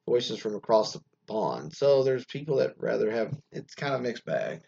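A man's voice: medium pitch, very animated, moderate pace, gravelly, hardly any pauses, darkish tone, breathy edge. A man hosting a radio show, rambling casually, often interrupting himself and swearing freely as he comments on what he reads. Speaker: show host. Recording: dull lo-fi recording.

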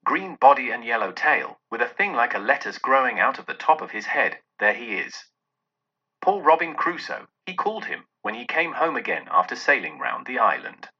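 A man's voice: mid-range voice, very animated, moderate pace, bright, forceful tone, slightly rough, heavily acted. A man voicing an elderly male miser who wavers between laughing and crying as old memories return. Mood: tearful excitement. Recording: dull lo-fi recording.

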